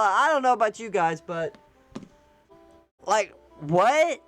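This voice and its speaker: A woman's voice: medium pitch, animated, a little slow, long pauses, a bit bright, dry recording, faint music behind. A woman vlogger chatting casually to her viewers about politics and holidays, rambling and using slang.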